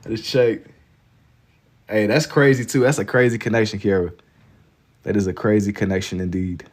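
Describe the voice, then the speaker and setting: Young man from Kentucky, slightly low voice, laid-back slangy livestream chatter while drawing. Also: fairly even intonation, normal speed. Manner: laid-back and slangy, reading chat aloud. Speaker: livestreaming artist.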